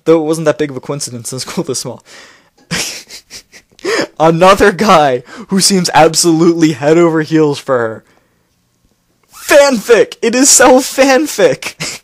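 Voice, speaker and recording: Guy reading a book out loud and snarking on it, bouncy voice, dry close sound. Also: a little high, no echo. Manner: mocking, laughs often between lines. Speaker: book reader and commentator. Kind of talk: sarcastic read-along commentary.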